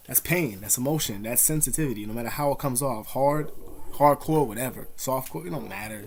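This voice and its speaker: Young guy ranting advice to his cam, cussing a lot, slangy, calls you dog, average pitch. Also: a little fast, a little hiss or hum. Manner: blunt and profane, street slang, calls listener dog and man. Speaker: vlogger giving advice. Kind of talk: casual advice monologue to camera. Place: at home, dogs nearby.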